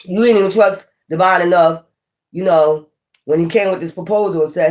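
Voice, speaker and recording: A high-pitched man reads tarot in a loose, conversational way. He preaches and swears, circling back to the same phrases again and again. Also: fairly even intonation, fairly quick. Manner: preachy, profane, repeats catchphrases. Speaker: tarot reader. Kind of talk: casual spoken tarot reading.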